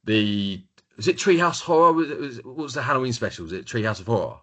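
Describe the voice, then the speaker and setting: A man co-hosting a casual podcast chat, stumbling and repeating words as he talks. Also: mid-range voice. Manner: halting, repeats words, animated. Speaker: podcast co-host.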